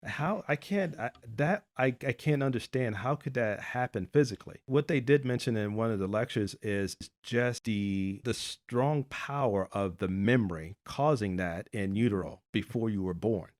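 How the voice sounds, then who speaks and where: Male podcast host, lower voice, dry close sound, rambling and blunt in casual chat. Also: normal speed, few pauses, a little mellow, dry recording. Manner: rambling storyteller, joking and blunt.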